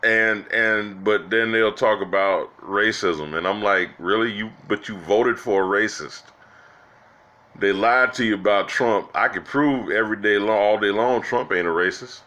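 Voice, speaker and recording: A man's voice: lowish voice, bright, forceful tone, lo-fi sound. A man giving rambling, exasperated political commentary to his viewers, with many restarts, calling them "guys" and "y'all". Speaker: political vlogger.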